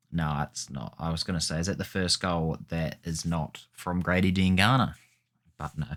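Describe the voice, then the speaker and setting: Deep-voiced male gaming host; loose, rambling play-by-play chatter. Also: fairly bright tone. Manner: chatty, rambling, self-correcting. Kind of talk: casual gameplay commentary.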